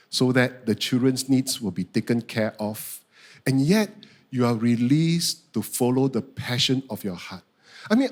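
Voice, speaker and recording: A middle-aged man, preaching a sermon and telling a personal story with animated, acted-out outbursts. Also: mid-range voice. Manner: animated storytelling, acting out his own outbursts. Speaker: pastor.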